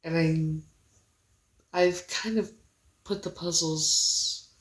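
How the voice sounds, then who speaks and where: A woman livestreaming casually on her phone, talking in an emotional, halting way with many pauses and restarts. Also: low-pitched, fairly even intonation, reverberant.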